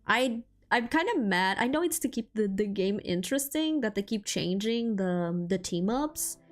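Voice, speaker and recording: A woman VTuber streamer chatting casually about games and comics, rambling and animated, with lots of fillers and laughter. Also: medium pitch, normal speed. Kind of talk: casual chat.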